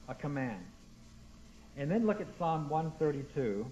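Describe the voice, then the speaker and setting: A man's voice: on the high side, very animated, moderate pace, dark tone. A man preaching a sermon to a church congregation, quoting scripture with strong emphasis and putting questions to the room. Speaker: pastor. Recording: dull lo-fi sound.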